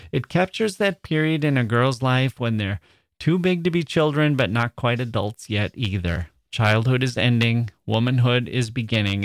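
A man's voice: medium pitch, dry recording. Musing male narrator, dry sound. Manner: musing, conversational. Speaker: podcast narrator. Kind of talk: reflective narration and reading aloud.

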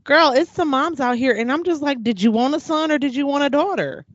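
A woman's voice: sits high, a little fast, no room sound. A woman in a casual chat, telling stories with animation and acting out what people said. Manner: animated storyteller, acts out quotes. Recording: dull lo-fi dry sound.

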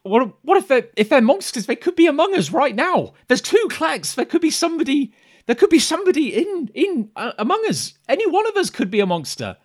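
A man voicing a frightened villager woman in a tabletop game, shrieking in high panic. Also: very animated, fairly quick. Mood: panicked.

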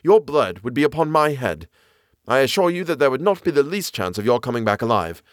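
A man voicing an eager, knowledgeable naturalist man who explains the moor with lively enthusiasm. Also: medium pitch, a little fast, no room sound, clean studio sound, pitched above the performer's own voice, close to an everyday voice. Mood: warning.

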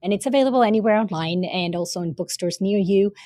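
A woman's voice: medium pitch, fast, warm tone, no echo. A woman, a former teacher and author, talking earnestly as a podcast guest, with many fillers and repeated words. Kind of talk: casual interview talk.

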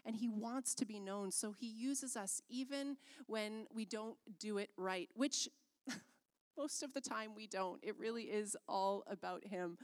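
A woman's voice: medium pitch, clean tone. A woman speaking sincerely in a conversational Christian talk, repeating words for emphasis.

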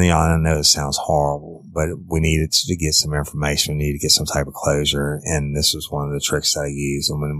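A middle-aged former detective, telling a case story in a blunt, profane, casual way. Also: male voice, very deep voice, a bit bright, no echo, clean studio sound. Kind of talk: casual true-crime storytelling.

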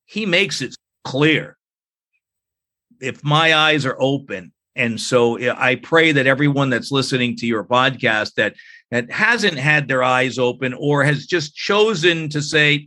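A man, a guest author on a faith podcast, telling a personal story in an earnest, animated way and acting out what people said. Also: medium pitch, moderate pace. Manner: earnest, animated, acts out quoted speech.

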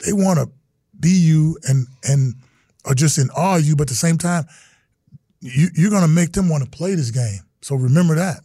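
In a laid-back interview, a middle-aged man who once played pro football earnestly recounts stories and performs the voices of those he quotes. He sounds a little high, husky and dark-toned, speaking at a moderate pace, captured in clean studio sound without echo.

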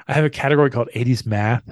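A man's voice: medium pitch, dry recording, clean studio sound. A man co-hosting a podcast in casual chat, often stumbling and repeating words as he thinks. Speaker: podcast co-host.

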